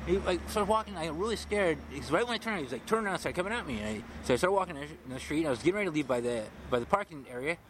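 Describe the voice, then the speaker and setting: A man's voice: on the high side, expressive, very fast, hardly any pauses. A homeless man rambling agitatedly through his story in a street interview, repeating himself. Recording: noisy outdoor street recording.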